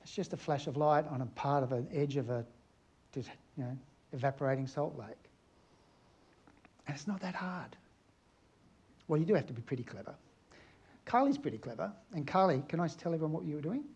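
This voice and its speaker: A man's voice: on the high side, animated, a little fast, pauses often, darkish tone, slightly rough. A middle-aged man from Australia, an aerial photographer giving a chatty, anecdotal conference talk and asking his audience questions.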